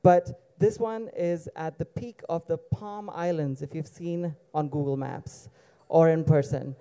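Male storyteller from Dubai: smooth, resonant voice, casual and digressive, with dry asides. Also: a little high, steady tone, measured pace, warm tone. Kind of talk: live personal storytelling.

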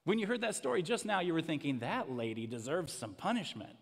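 Gravelly-voiced man preaching in a reverberant hall. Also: a little high, very animated, fairly quick. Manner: storytelling, dropping to a hushed, emotional near-whisper in quiet passages. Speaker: pastor. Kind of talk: sermon.

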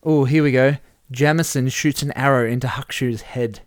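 A man in casual chat, reading out game events with animated play-by-play. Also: mid-range voice, normal speed, no echo, studio quality. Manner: animated play-by-play, chuckling at the results. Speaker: host running a whisky-themed game simulation.

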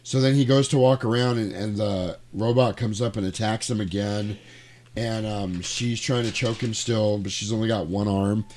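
A man's voice: lowish voice, steady tone, normal speed, a little mellow. A man hosting a casual podcast in a home studio, retelling a movie plot animatedly with sound effects and quoted lines. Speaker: podcast host. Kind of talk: casual movie recap chat.

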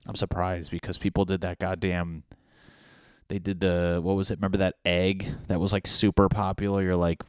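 A man with a deep, low voice riffs through a profane, rambling comedic rant full of fillers and restarts. The sound is dry and close, with no room echo. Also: little pitch movement, moderate pace, clear, resonant tone. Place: home apartment.

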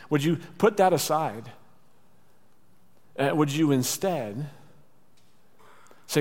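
A man's voice: fairly high pitch, a little slow, long pauses, a little mellow. Man preaching in a reverberant church hall. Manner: conversational, with acted asides. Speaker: pastor. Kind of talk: sermon.

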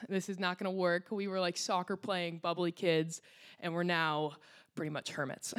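A young woman from the United States tells a personal story to a live audience on stage. She talks in a chatty, rambling way, full of "like"s and quick asides. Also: mid-range voice. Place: live storytelling event in a hall.

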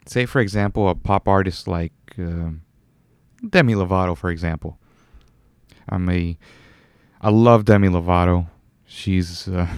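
A man's voice: sits low, a little mellow, smooth, no room sound. A young man hosting a solo podcast, rambling casually, correcting himself and chuckling now and then. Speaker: podcast host.

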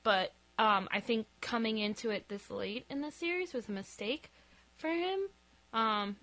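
Brief: female co-host, bright slightly high voice, blunt opinionated chat. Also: measured pace. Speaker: podcast co-host. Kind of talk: casual podcast chat.

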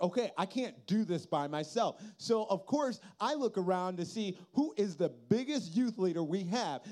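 High-voiced man telling an animated story. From Minnesota. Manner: animated, acts out dialogue with sudden jumps in pitch and loudness. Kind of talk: storytelling sermon.

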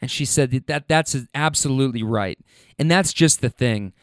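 Animated, frank man with a dry sound. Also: mid-range voice, normal speed, smooth, no echo. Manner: animated, frank, swears freely. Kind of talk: casual monologue retelling a conversation.

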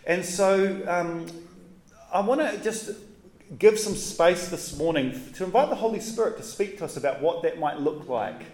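High-voiced man preaching casually. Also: normal speed. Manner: relaxed and slangy, with animated asides. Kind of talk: casual conversational sermon. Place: church. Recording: roomy echoey hall.

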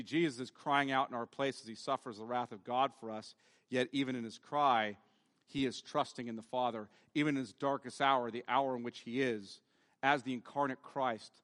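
A man's voice: mid-range voice, a bit bright, long reverb tail. A man preaching a sermon as pastor, reading scripture aloud with passion in a church sanctuary.

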